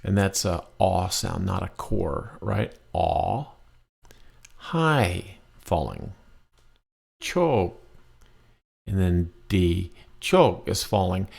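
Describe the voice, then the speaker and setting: A man teaching a beginner language lesson, explaining patiently and drawing out example phrases slowly. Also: sits low, vocal fry, darkish tone. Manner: slow, patient explaining with drawn-out demonstration phrases.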